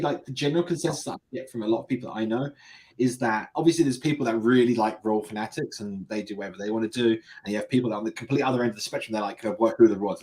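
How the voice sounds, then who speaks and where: A man's voice: medium pitch, darkish tone, low-quality recording. Chatty British man hosting a stream. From United Kingdom. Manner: chatty, rambling with many restarts. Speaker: livestream host. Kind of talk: casual chat.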